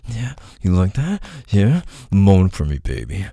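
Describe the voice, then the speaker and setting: Deep gravelly man, breathy and intimate. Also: big pitch swings, measured pace, hardly any pauses, no room sound. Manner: low, breathy and murmuring, with soft moans. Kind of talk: intimate audio role-play.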